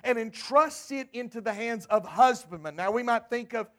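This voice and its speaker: A man's voice: very high voice, lively intonation, normal speed. A man preaching a sermon to his congregation, emphatic and storytelling. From United States. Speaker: pastor.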